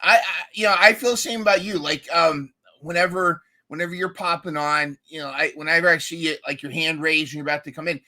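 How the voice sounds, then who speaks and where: A man hosting a casual podcast chat with a bright, forward voice. He pitches a little higher than most men and talks eagerly. He rambles and restarts his sentences. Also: steady tone, quick pace, few pauses. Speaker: podcast host. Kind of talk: casual conversation.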